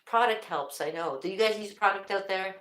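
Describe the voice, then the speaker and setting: A woman's voice: medium pitch, fairly quick, fairly bright tone. An older woman hosting a casual livestream, rambling and laughing often, with many restarts. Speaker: livestream host. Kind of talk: casual chat to viewers. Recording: echoey room.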